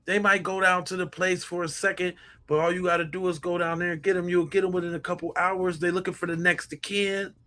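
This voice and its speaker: A podcast host, a man, reacts in blunt, slangy outrage to true crime footage. His voice is bright and forceful. Faint music plays under him. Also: sits high, flat delivery, fairly quick.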